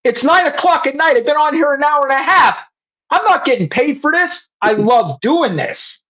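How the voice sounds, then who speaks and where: Very high-pitched, excitable woman host. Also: fairly quick. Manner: excitable, laughing, swearing freely. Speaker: show host. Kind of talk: casual chat. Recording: dull lo-fi audio.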